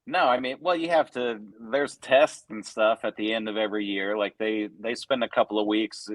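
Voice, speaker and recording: A man's voice: lowish voice, steady tone, moderate pace, no room sound. A man around forty, a guest comedian chatting casually in a laid-back, rambling way. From Missouri, US. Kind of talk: casual podcast chat.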